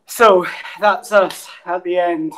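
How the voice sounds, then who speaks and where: A woman's voice: on the low side, steady tone, slow pace, background noise. A woman hosting an online cabaret, out of breath after dancing, chatting casually and swearing. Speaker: cabaret host. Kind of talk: casual live-stream hosting.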